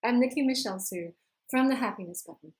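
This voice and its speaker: A woman life coach telling a fable to camera in an animated, casual storytelling manner, acting out the characters. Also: fairly high pitch, quick pace, rough recording.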